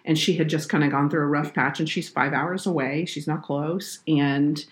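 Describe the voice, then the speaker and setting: A low-pitched woman talks on a faith podcast. She tells a personal story in an earnest, heartfelt way. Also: steady tone, normal speed. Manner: earnest, heartfelt, tearful at moments. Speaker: podcast guest, children's minister.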